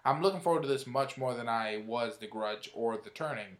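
A man co-hosting a casual movie review chat, speaking in a relaxed way with lots of fillers and restarts. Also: medium pitch, a little fast, echoey room. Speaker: movie review show co-host.

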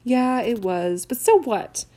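A woman reading a testy teen boy wizard, exasperated, gravelly. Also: a little high, animated, moderate pace, darkish tone. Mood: defensive. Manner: defensive, exasperated. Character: defensive teenage boy wizard.

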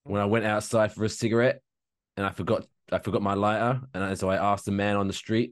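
A man's voice: fairly low pitch, fairly even intonation, fast talker. A man co-hosting a podcast in casual chat, telling profane rambling stories with a tired, wearing-out voice. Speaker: podcast co-host.

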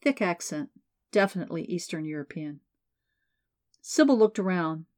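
A woman's voice: lowish voice, animated, moderate pace, darkish tone. Woman narrating an audiobook steadily.

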